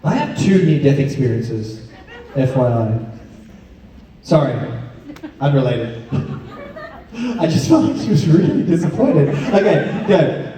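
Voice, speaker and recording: A man's voice: fairly high pitch, very animated, unhurried, long pauses, mellow. A man answering fan questions at a convention panel, joking and laughing often. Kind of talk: casual panel Q&A with fans. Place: large convention hall. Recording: echoey hall, picked up from far off.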